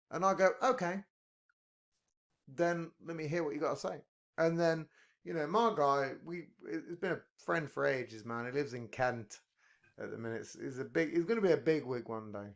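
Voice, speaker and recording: A man in casual podcast chat, rambling and profane, joking a lot. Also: fairly high pitch. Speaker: podcast talker.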